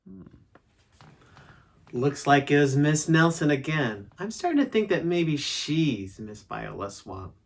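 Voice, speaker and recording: A man reading a children's storybook aloud in an expressive, animated way. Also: on the high side, slow, gravelly. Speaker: storybook reader.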